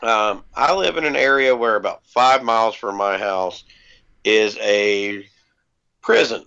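On a podcast, a man who co-hosts and is a parent tells a long personal story in a laid-back, casual way, full of ums and freely dropped swear words. His voice sits on the low side and moves a little slowly, creaky and smooth with a sharp tone. The lo-fi podcast audio sounds dull.

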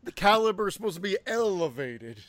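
A man's voice: high-pitched, big pitch swings, a little fast, fairly bright tone, a little hiss or hum. A man co-hosting a podcast in casual chat, sarcastic and swearing freely. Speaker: podcast co-host and editor.

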